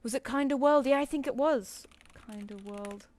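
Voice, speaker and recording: A woman's voice: high voice, moderate pace, darkish tone, no room sound. A young woman chatting casually on her drawing stream, laughing often and swearing lightly. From United Kingdom.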